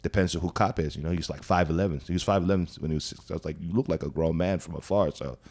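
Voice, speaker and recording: A man in his forties, a comedian guest, chatting casually and acting out quotes in animated stories. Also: deep voice, rapid-fire. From Nigeria. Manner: animated storytelling with acted-out quotes and profanity. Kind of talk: casual podcast chat.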